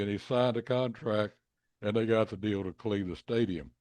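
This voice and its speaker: A man's voice: normal speed, no echo. A man casually telling a long anecdote, acting out the people in it with big jumps in his voice. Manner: animated, acts out quoted voices with pitch jumps.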